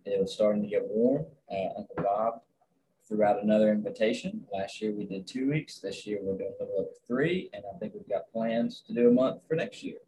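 A man's voice: on the low side, a little fast, mellow, poor audio. A man from England, a guest chatting easily on a podcast, a bit back from the mic. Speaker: podcast guest, dog trainer. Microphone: set a bit back from the mic.

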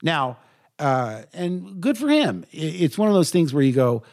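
An older man, a voice actor, telling lively anecdotes in an interview. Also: fairly high pitch, measured pace. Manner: animated anecdotes, quotes himself in lively voices. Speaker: voice actor guest. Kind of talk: interview storytelling.

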